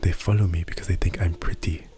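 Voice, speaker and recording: A man's voice: sits low, steady tone, quick pace, over music, natural voice. A man voicing a vain, world-weary male vampire in a whispered role-play, with a put-on European-style accent.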